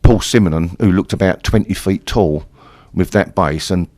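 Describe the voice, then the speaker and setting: A man's voice: low voice, moderate pace, darkish tone, dry recording. A man in his sixties with an East London accent, telling stories in a rambling, chatty way full of swearing. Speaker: interview guest, punk singer. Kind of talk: casual storytelling interview.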